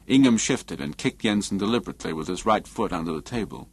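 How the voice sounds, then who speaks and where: A man narrating a novel as an audiobook in a measured, expressive reading. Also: low voice, husky.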